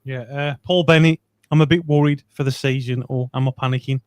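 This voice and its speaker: Man, co-host, hesitant casual chat, smooth voice, dry. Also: mid-range voice, steady tone, a little fast, darkish tone, no room sound. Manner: hesitant, lots of fillers. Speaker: phone-in co-host.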